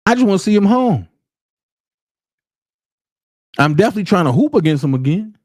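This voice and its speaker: A man's voice: high-pitched, sing-song, very fast, darkish tone, no room sound, clean studio sound. A man hosting a livestream, ranting bluntly with heavy profanity. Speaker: livestream commentary host. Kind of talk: unscripted commentary rant.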